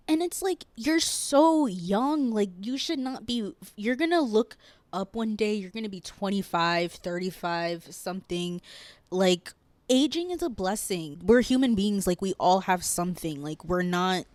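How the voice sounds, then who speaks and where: A woman's voice: mid-range voice, expressive, a little slow, dry recording. A young woman hosting a solo podcast, rambling, earnest and impassioned, swearing casually, and choked up at times. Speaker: podcast host.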